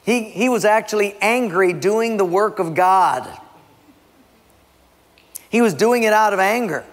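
A man preaching a sermon in an animated manner, acting out stories. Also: high-pitched, a little slow, big-room sound.

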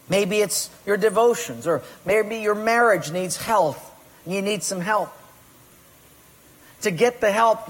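A man's voice: high-pitched, husky. A man preaching a sermon, emphatic, firing rhetorical questions at his congregation. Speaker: pastor. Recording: long reverb of a large hall.

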